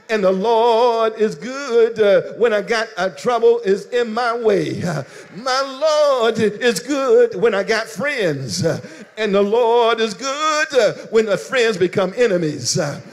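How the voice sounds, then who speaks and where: A man preaching with a high, ringing voice that carries through a church with a long, lingering reverb. He calls on the congregation to repeat after him and drives his points with a rhythmic "uh" cadence, rising to shouts. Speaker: pastor. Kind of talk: sermon. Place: church sanctuary.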